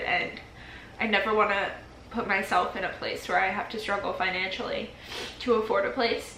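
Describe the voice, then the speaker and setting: A woman's voice: on the high side, creaky, sharp tone, a little hiss or hum. A woman in her early twenties vlogging a tearful goodbye to her empty apartment, rambling with lots of "like", crying between laughs. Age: early 20s. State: crying, teary voice. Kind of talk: emotional farewell vlog, casual talk to camera. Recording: echoey empty room.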